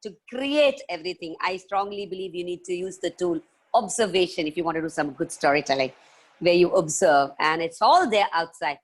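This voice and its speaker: With a voice on the low side and a slightly fast pace, a children's storyteller and author performs for schoolchildren over video call. She's lively and expressive, breaking into chants, sound effects like animal noises, and laughter.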